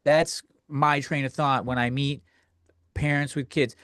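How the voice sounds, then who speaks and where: A man's voice: mid-range voice, fairly even intonation, unhurried, a bit bright, smooth, dry recording, studio quality. A man hosting a comedy podcast, ranting in a crude, profane, rambling way with lots of restarts. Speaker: podcast host. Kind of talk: comedic rant.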